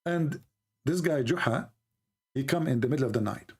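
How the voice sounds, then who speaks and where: A man's voice: medium pitch, normal speed, breathy edge. A man giving argumentative commentary, telling a folk tale and mocking his opponents as he acts out their voices.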